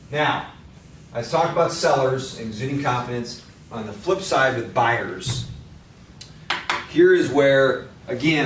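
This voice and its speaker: A man with a medium-pitched voice gives a casual workshop talk to real estate agents, coaching them in a blunt, conversational way. He sounds distant in an echoey room, with slight background noise.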